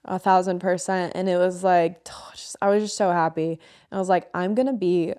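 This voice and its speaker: Candid woman telling a raw story, lowish voice. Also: flat delivery, moderate pace, darkish tone, clean tone. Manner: emotional, frank storytelling with frequent swearing. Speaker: podcast co-host. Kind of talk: candid podcast conversation.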